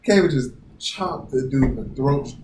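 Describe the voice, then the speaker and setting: A man's voice: mid-range voice, normal speed. A man co-hosting a podcast in casual chat, telling stories animatedly, acting out the people in them and swearing freely. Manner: animated storytelling, acts out quoted people, swears a lot. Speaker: podcast co-host. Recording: roomy, distant mic with faint noise.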